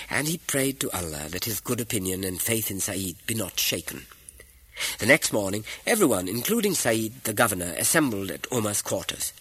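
A man narrating a story in an expressive, measured way. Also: fairly low pitch, breathy edge, no echo, rough recording. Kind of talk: scripted narration.

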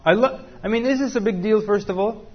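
A man's voice: high-pitched, fairly quick, lo-fi sound. A man teaching a class, joking and asking the room questions. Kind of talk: interactive class talk with students.

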